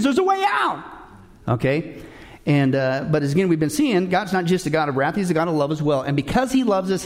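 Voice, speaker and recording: A man preaching a sermon as pastor, telling folksy jokes and addressing the congregation as folks. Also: high voice.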